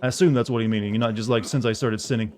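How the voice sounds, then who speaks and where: A man streaming a video game, chatting casually in a dry monotone. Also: mid-range voice, very fast, slight background noise.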